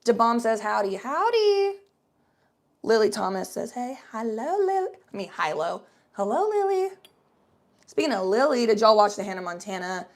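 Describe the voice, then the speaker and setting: A woman's voice: mid-range voice, gravelly. A young woman from the United States, hosting a casual livestream and chatting loosely and playfully with viewers, with lots of fillers. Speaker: livestream host. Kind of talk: casual livestream chat, reading viewer comments aloud.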